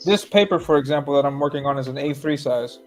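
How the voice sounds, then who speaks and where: A man's voice: mid-range voice, quick pace, faint music behind. A man joining a drawing stream as a guest, polite and curious about formatting. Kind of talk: casual chat on a live stream.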